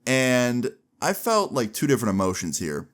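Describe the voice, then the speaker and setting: A man's voice: medium pitch, huge pitch swings, moderate pace, fairly bright tone. A young man telling a personal story in a casual, slangy way for a vlog. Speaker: vlogger.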